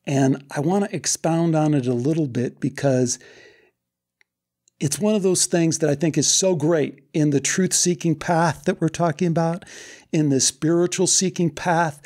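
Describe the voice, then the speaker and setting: A man's voice: a little high, normal speed, warm tone. A man with a Chicago accent hosting a podcast, talking earnestly and with enthusiasm about spiritual seeking. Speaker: podcast host. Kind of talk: casual interview chat.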